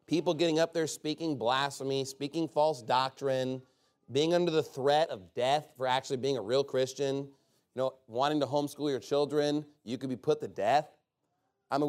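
A man's voice: a little high, darkish tone. Sarcastic preacher man with a raised voice. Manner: sarcastic, rambling, with joking asides. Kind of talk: informal sermon.

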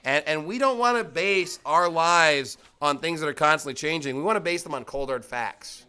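A man's voice: on the high side, moderate pace, bright, forceful tone, clear, resonant tone. A man preaching a sermon, reading scripture and mocking excuses in quoted voices. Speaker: pastor.

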